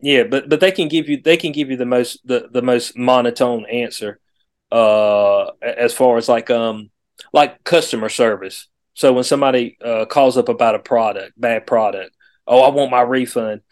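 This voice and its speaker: A man's voice: medium pitch, normal speed. A man co-hosting a casual chat podcast, rambling with many restarts and slangy phrasing. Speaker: podcast co-host.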